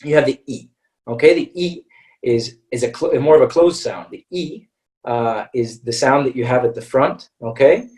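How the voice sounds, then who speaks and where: A man with an American accent teaching English vowel pronunciation in a webinar, patiently modelling each sound slowly and checking in with "okay?" after nearly every phrase. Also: mid-range voice, a little mellow, far from the mic, low-quality recording. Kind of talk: webinar lesson.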